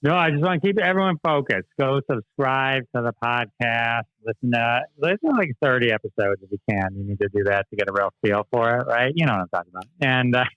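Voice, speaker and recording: A man's voice: medium pitch, animated, fairly quick, few pauses, dry recording. Joking male guest on a dull line. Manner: joking, playful self-promotion. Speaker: guest, comic and podcaster. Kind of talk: casual interview chat.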